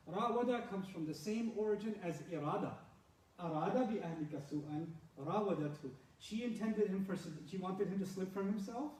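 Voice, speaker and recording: A man teaching a scripture lesson in an animated manner, acting out quotes and laughing often. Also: sits high, echoey room, distant mic, poor audio. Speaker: religious lecturer.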